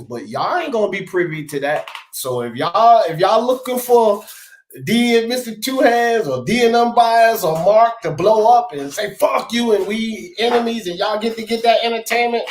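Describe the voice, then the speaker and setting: Man, high voice, slangy live sports talk host, laughs a lot, echoey room. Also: slight background noise. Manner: laughing, slangy, emphatic banter. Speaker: show host.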